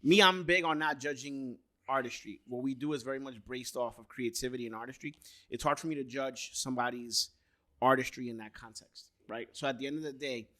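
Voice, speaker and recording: Bright-voiced man telling a story. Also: medium pitch, steady tone, a little fast. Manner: storytelling, laughing often. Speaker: podcast co-host. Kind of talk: casual chat.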